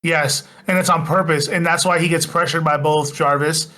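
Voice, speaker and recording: A man co-hosting a podcast in casual chat, animated, jumping in to correct and swearing freely. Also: fairly high pitch, normal speed. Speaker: podcast co-host. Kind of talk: casual movie-recap chat.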